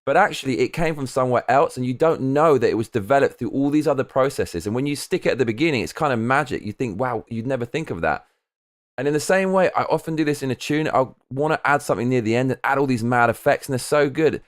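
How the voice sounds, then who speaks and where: Guy on a livestream talking through his track, rambly, swears a lot, mid-pitched voice. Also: lively intonation, fast. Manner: rambling, swears freely, explains his thinking aloud. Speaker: livestreamer making a music track. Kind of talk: casual livestream chat.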